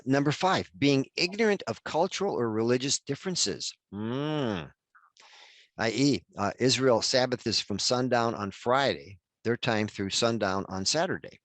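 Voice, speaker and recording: A man's voice: fairly low pitch, fairly bright tone, no room sound. An older man in his sixties presenting a workshop over a video call, chatty and addressing attendees by name. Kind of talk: webinar workshop talk.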